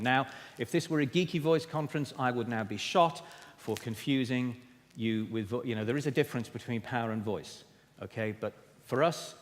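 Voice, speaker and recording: Theatrical male keynote speaker in a hall. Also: mid-range voice. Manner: emphatic, theatrical, addresses the audience. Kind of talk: keynote talk. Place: stage in a conference hall. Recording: echoey hall.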